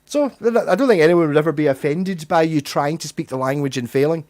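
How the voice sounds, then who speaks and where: A young man with a broad Glaswegian accent rambles through a casual livestream chat, swearing freely as he goes. His voice sits a little higher than most men's. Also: fast, darkish tone. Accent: Glaswegian Scottish. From Scotland. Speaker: livestream host.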